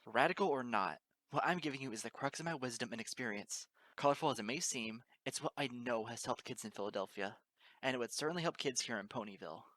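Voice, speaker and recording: A man's voice: medium pitch, fast talker, fairly bright tone, no echo, lightly acted. A man reading as a breezy, sarcastic mare teacher. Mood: cocky. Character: easygoing, teasing adult female pony teacher. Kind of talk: amateur audiobook reading.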